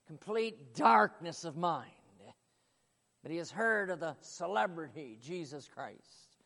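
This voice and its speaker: Man preaching, high bright voice, really emphatic, big hall echo. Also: lively intonation, slow pace, creaky. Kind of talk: sermon.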